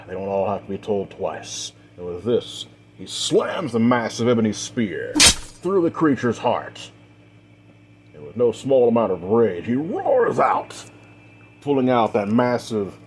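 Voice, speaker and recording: A man narrating a dark fantasy tale, leaning into the action beats and often tying events together with repeated linking phrases. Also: fairly low pitch, slight background noise. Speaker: storyteller. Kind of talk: dramatic fiction narration.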